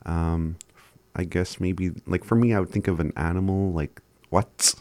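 Deep slow-talking man teaching words. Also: steady tone, darkish tone, no room sound. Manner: laid-back, chuckling often, spells words out slowly. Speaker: language teacher. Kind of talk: casual language lesson.

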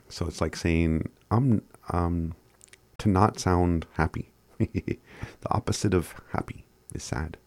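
A man giving a casual language lesson, laid-back and chuckling often as he spells words out slowly. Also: low-pitched, animated, a little mellow, no room sound, studio quality. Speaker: language teacher.

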